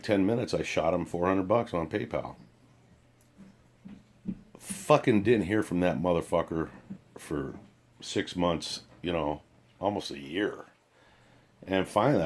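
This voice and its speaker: A middle-aged man telling a blunt, profane story as a vlogger, airing his grievances. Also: sits low.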